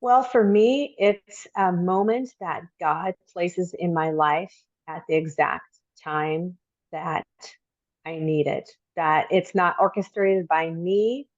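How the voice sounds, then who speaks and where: A middle-aged woman telling a personal story as a podcast guest, reflective and halting, with many pauses. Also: fairly low pitch, no echo, lo-fi sound.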